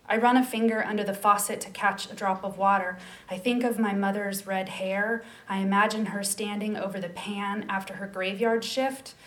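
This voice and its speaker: A woman performing a personal story in a soft, lyrical, reflective way. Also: medium pitch, rough recording.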